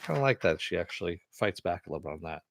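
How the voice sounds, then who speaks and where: A man's voice: deep voice, animated, rapid-fire, creaky, dry recording, clean studio sound. A man casually retelling a TV episode in a rambling way, full of fillers. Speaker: TV show reviewer.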